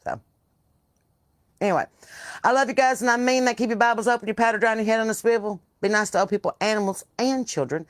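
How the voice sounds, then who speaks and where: A podcast host from the Southern US chats casually and live from her outdoor porch, telling animated, salty stories with plenty of swearing. Her voice is a little high and fast, recorded at studio quality with no room sound.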